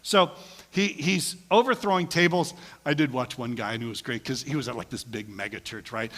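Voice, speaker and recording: A man's voice: on the high side, husky, big-room sound. A man preaching a casual, joking sermon as pastor, often acting out quoted lines in different voices. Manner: animated, jokey, acts out quotes with voices. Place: church sanctuary.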